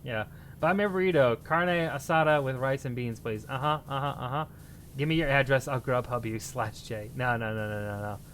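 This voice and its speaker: A man streaming live, chatting casually and bantering excitably with his chat, sometimes yelling in mock outrage. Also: medium pitch, fairly quick, slight background noise.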